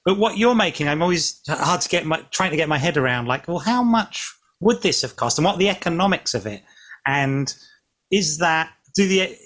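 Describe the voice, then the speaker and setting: A man interviewing a guest, asking long searching questions with halting restarts. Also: on the high side, expressive, a bit bright. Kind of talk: casual interview chat.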